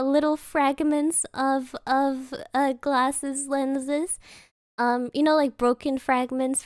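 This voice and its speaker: A young woman streamer from Germany with a high voice tells a story in an easy, unhurried way. She giggles through her sentences and drops little Japanese interjections. Her voice sounds close and dry, with no room around it. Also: dry recording. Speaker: VTuber streamer. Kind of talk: casual storytelling chat.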